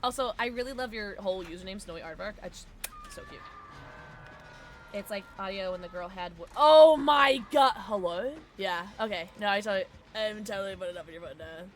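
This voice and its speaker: A woman's voice: medium pitch, fast talker, hardly any pauses, fairly bright tone. A young woman streaming a game, chatting casually and giggly with her viewers. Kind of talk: casual gaming stream chat.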